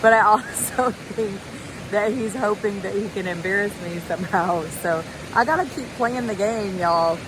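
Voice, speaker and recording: A woman's voice: mid-range voice, normal speed. A woman, chatting to the camera about her hike in a giggly, storytelling way. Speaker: thru-hiker vlogger. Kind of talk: casual vlog talk to camera. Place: outdoors by a waterfall and creek. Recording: noisy outdoor recording.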